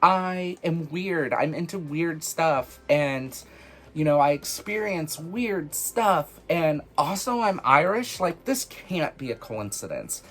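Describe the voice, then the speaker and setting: A man casually telling personal stories in an animated, chatty way, full of fillers, for his witchcraft vlog. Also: on the high side, takes it slowly. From United States. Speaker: witchcraft vlogger.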